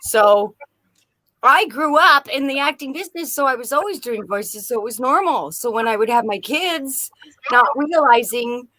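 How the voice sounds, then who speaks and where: Bright, chatty woman. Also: fairly high pitch, expressive, normal speed, poor audio. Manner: chatty, laughs often, slips into playful voices. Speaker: guest on live stream. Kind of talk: casual chat.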